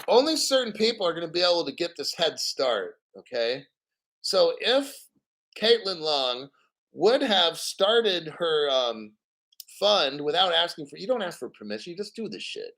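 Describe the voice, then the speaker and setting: Man, a little higher-pitched than most, hosting a crypto livestream. Blunt, cursing, ranting, mocks people in put-on voices. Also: sharp tone. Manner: mocking put-on quotes. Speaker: crypto channel host. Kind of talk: casual livestream rant.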